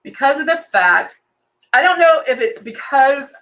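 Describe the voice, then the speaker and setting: A woman's voice: high-pitched, animated, measured pace, a bit bright. A woman hosting a casual live-stream makeup tutorial, chatting with lots of ums and greeting viewers by name as she works. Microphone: desk camera and monitor setup.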